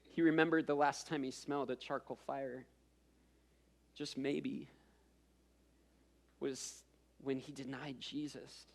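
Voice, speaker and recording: A man's voice: fairly high pitch, gravelly. A man preaching a sermon as pastor, telling a story in a conversational way with self-deprecating asides and repeated words as he builds up.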